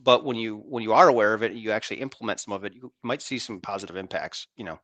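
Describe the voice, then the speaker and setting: A man in sales co-hosting a podcast, talking in an animated, rambling way and acting out his phone calls. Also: lowish voice, fast talker, no room sound. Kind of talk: casual chat.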